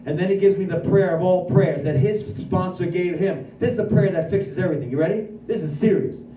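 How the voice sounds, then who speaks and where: A man giving a lively personal recovery testimony at a speaker meeting, acting out his own dialogue as he goes. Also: high voice, brisk, slight background noise. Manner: animated storyteller who acts out his own dialogue. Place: meeting room at a recovery center. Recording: echoey room, voice from far off.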